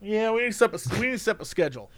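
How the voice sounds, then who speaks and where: A man co-hosting a casual chat, teasing and quick to react. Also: sits high, big pitch swings, a bit bright. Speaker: podcast co-host.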